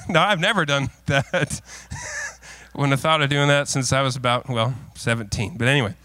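A middle-aged male pastor preaching a sermon, mixing folksy, self-deprecating stories with earnest, lowered exhortation. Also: wildly swooping pitch, moderate pace, bright, forceful tone, dry recording. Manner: folksy, self-deprecating storytelling with frequent laughs.

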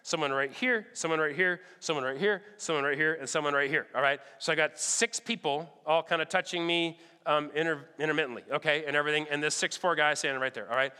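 Animated man preaching in a reverberant hall. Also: fairly high pitch, fast talker, hardly any pauses, smooth. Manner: animated, acts out other people's lines. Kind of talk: sermon storytelling.

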